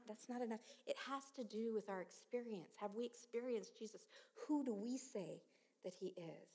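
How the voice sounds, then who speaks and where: A woman in her fifties giving a sermon with personal testimony, speaking slowly and earnestly with many halts, often dropping to a hush. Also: mid-range voice, husky. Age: 50s. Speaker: preacher. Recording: long reverb of a large hall.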